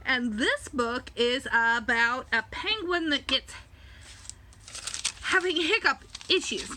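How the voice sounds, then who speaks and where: A woman reading a picture book to young children, talking slowly and directly to them, recorded on a phone camera. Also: high-pitched, animated, bright, forceful tone. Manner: slow, sing-song, speaks directly to young children. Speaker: children's storyteller.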